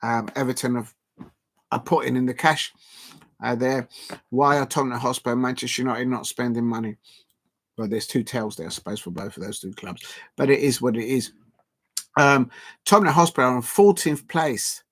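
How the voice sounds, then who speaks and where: A man's voice: mid-range voice, moderate pace, long pauses, a bit bright. A man hosting a casual football live stream, talking in a rambling, emphatic way with frequent restarts.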